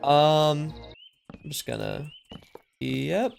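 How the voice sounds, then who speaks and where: Male gaming commentator, slightly high voice, relaxed rambling delivery, lisp-like sibilance from mic filters. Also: extremely slow, vocal fry, soft background music. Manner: chatty, rambling, easily amused. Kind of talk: casual game commentary. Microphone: desk mic with processing filters.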